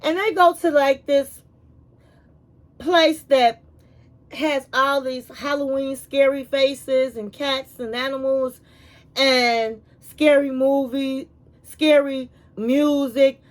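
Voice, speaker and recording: A woman's voice: sits high, slow. Chatty woman recapping reality TV. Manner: chatty, animated storytelling with "honey" and "baby" asides. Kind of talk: casual show recap.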